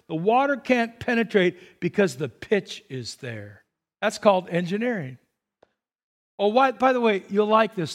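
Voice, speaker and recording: A man's voice: high-pitched, long reverb tail. A man preaching a sermon in a church, talking to the congregation in a conversational way with jokes and asides. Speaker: pastor. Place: church sanctuary.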